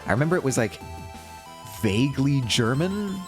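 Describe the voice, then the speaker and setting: A man with a medium-pitched, sing-song voice and moderate pace streams a video game live. He chats self-deprecatingly with his audience and laughs often, while game music plays underneath.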